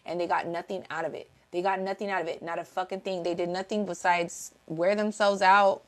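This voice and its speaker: A woman's voice: lowish voice, little pitch movement, fairly quick, fairly bright tone. Blunt, profane woman reading tarot. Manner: blunt, profane, emphatic and repetitive; talks to live chat viewers. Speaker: tarot reader.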